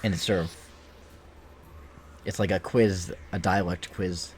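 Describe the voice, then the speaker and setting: A man's voice: deep voice, steady tone, a little slow, breathy edge. A young man from Illinois with a Midwestern, Ohio-leaning accent, chatting casually as a game streamer, rambling with lots of filler words. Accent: Midwestern American, Ohio-leaning. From Illinois, USA. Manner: rambling, filler-heavy, easygoing. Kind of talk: casual chat while streaming.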